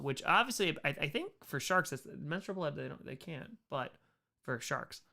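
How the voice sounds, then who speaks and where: Young male host, gravelly voice, loose jokey Q&A rambler. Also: on the high side, lively intonation, normal speed, bright, forceful tone. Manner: rambling, jokey, reads viewer questions aloud. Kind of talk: casual livestream Q&A chat.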